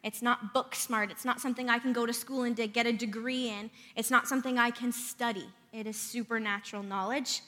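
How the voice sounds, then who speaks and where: Bright-voiced woman preaching in a church hall. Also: on the high side, steady tone, a little fast, hardly any pauses. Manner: earnest, storytelling with prayerful passages. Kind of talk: sermon. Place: church sanctuary. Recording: long reverb of a church hall.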